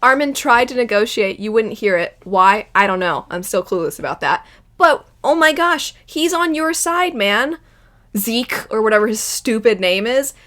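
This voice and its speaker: A young woman with a bright, clear voice talks casually as an anime reaction host. Her delivery is animated, and she breaks into loud, exasperated outbursts as she reacts. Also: on the high side, normal speed. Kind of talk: casual spoken commentary.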